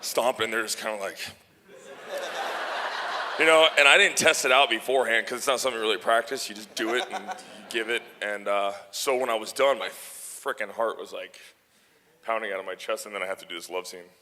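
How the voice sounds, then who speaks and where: A male actor telling a story on a convention panel, animated, laughing and swearing freely, in a large hall with a handheld mic. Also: on the low side, brisk. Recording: reverberant hall, faint noise.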